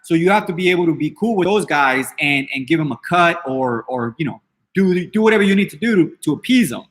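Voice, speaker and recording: A man with a slightly high, expressive voice talks fairly quickly as he hosts a podcast. It's a casual, unscripted rant, brash and defiant in spirit, laced with profanity and marked by rambling and repeated restarts.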